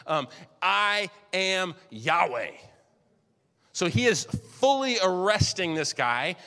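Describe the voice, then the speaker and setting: A male pastor delivers a sermon, and his voice is bright and slightly higher than most men's. He reads scripture dramatically and stretches out the words he wants to land. A long reverb trails behind him, like a large hall. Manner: preaches with dramatic read-aloud quotes and slowed emphasis.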